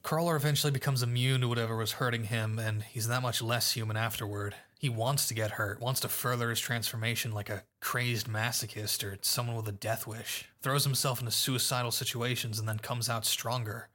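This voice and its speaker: A man's voice: medium pitch, fairly even intonation, a little fast, hardly any pauses, sharp tone, close to an everyday voice. A man voicing a sarcastic, impatient teenage boy hero. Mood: edgy.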